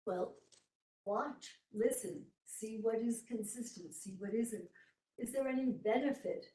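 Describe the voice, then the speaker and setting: Halting woman witness on the stand with a mellow voice, picked up from across an echoey courtroom. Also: fairly high pitch. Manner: halting, trailing off mid-sentence. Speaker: expert witness. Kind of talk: courtroom testimony under cross-examination. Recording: echoey courtroom audio from far off.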